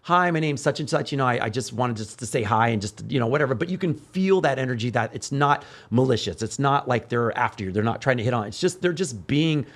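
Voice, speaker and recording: Fast-talking male podcast host. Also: mid-range voice. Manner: animated storyteller, acts out quoted voices. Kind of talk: casual podcast chat.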